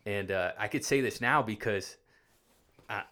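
A man casually telling his faith testimony, halting and repeating words, acting out what people said. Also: on the low side, pushed and bright. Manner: halting, repeats words, acts out quoted speech. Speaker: guest sharing his testimony. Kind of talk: casual storytelling conversation.

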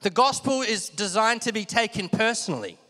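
High bright-voiced preaching man. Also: normal speed. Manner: energetic preaching, call-and-response with congregation. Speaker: pastor. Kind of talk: sermon. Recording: long hall reverb.

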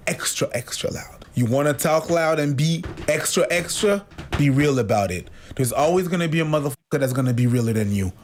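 A man's voice: a little high, animated, brisk, a little hiss or hum. A man co-hosting a podcast, speaking in blunt, confrontational bursts of short, punchy lines. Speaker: podcast co-host. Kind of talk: heated podcast commentary.

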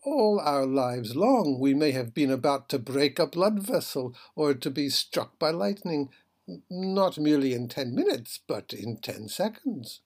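Man voicing a lofty, gentle sea captain, raised husky voice, storybook reading. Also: fairly high pitch, very animated, unhurried, full character voice. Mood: lecturing. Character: genteel philosophical male ship captain, calm.

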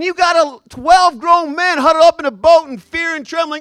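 A man preaches in a high, ringing voice, telling stories with jokes and acting out the people in them. The sound is close and dry, and soft music plays underneath. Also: normal speed, no echo. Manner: lively, joking storyteller who acts out scenes. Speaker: pastor. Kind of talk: sermon.

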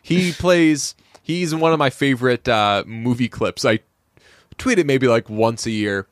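A man in relaxed podcast chat about a film, sarcastic and animated as he retells scenes. His voice sits in a middle pitch, close and dry on the mic. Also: a little slow, no echo. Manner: sarcastic, animated storyteller with shouted quoted voices. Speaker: podcast co-host. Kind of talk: casual movie-review chat.

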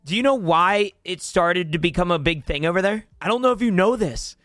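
A man's voice: sits high, lively intonation, a little fast, fairly bright tone, slight background noise. A man hosting a casual interview, talking in an upbeat, loose way. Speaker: podcast host.

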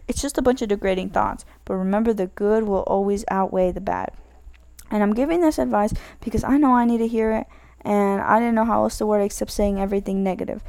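Gravelly-voiced woman rambling casually. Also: mid-range voice, fast, warm tone, no echo. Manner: rambling, self-correcting, many "like" fillers. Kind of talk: casual advice monologue.

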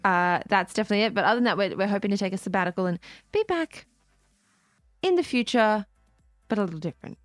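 A woman's voice: medium pitch, animated, quick pace, no room sound, studio quality, faint music behind. A woman hosting a casual radio chat show, rambling a little and giggling through playful banter. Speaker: radio host.

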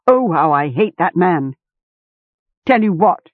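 A woman's voice: fairly low pitch, animated, takes it slowly, no room sound. A woman voicing a thin, half-starved male farm hound that is anxious and whimpering, in a storybook reading over a tinny line. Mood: resentful. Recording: tinny phone-like sound.

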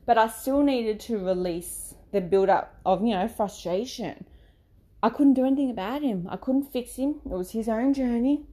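A woman talking candidly about her life as a mother, expressive and laughing now and then. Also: mid-range voice. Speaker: mother sharing parenting experience. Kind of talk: casual monologue, coaching tone.

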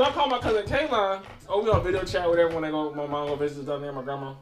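A man in casual chat, telling animated stories and acting out the voices of children. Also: fairly high pitch, rapid-fire, hardly any pauses. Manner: animated storyteller, acts out kids' voices.

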